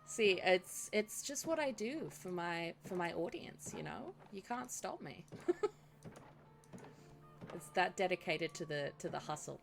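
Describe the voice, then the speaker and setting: Woman game streamer, lower register, gravelly, chatty with viewers, music under the voice. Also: expressive, unhurried. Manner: chatty, talks back to viewers. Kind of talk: casual live-stream game commentary. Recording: music playing behind the voice.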